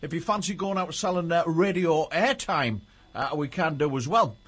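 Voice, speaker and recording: Chatty radio guy doing a station promo, slightly high, a bit husky. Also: expressive, normal speed, fairly bright tone. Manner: chatty, with frequent uh fillers. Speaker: local radio station presenter. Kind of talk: casual on-air station promo.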